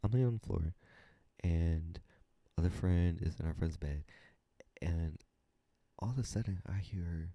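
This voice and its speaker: A young man hosts a casual storytelling podcast in a deep, gravelly voice. His tone is dark and mellow, with a rough fry running through it. He talks in an animated, profane and dramatic way, dropping to a whisper now and then. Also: a little slow, long pauses, no echo. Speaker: podcast host.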